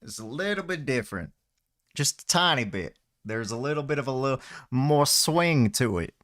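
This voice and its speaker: A man hosting a casual voice-call chat, talking in a slow, sarcastic way. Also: medium pitch, lively intonation, fairly bright tone. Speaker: host of a voice-chat debate channel.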